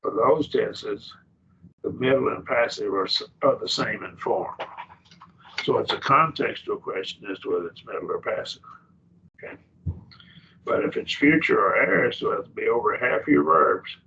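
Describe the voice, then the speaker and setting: A man teaching a Bible study class, lecturing slowly with restarts and rhetorical questions, recorded by a distant mic in a church classroom. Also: on the low side, animated, vocal fry, bright, forceful tone, dull audio, a little hiss or hum.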